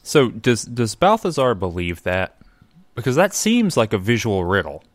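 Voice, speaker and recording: A man co-hosting a casual podcast chat, telling a story in an animated way with joking asides. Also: lowish voice, normal speed, no room sound. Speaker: podcast co-host.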